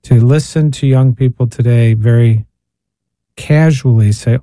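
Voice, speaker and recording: A priest speaks in an earnest, gently preaching way on the radio, asking rhetorical questions and answering them himself. His mid-pitched voice is very warm and dark. It is recorded dry in a studio. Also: unhurried, dry recording. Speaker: priest and spiritual director guest. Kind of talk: radio talk reflection.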